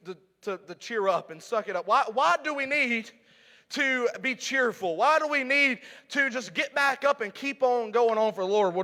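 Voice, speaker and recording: A young man preaching a sermon in a church, loud and fervent, stretching words for emphasis and stumbling over restarts. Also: extremely high pitch. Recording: long hall reverb.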